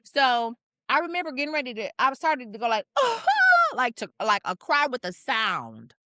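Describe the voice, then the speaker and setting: Brief: woman podcast co-host, bright forceful tone, dry close sound, expressive storyteller who leaps up in pitch to make a point. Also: moderate pace, dry recording. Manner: animated, expressive, jumps in pitch for emphasis. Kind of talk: casual conversational storytelling.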